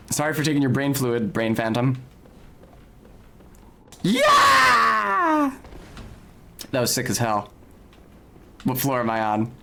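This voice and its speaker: A man commentates his own gameplay for a live stream, wry and chatty. He swears in passing and talks to the game's characters. His pitch sits in the middle of the male range. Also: a little hiss or hum. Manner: wry, self-narrating, swears casually.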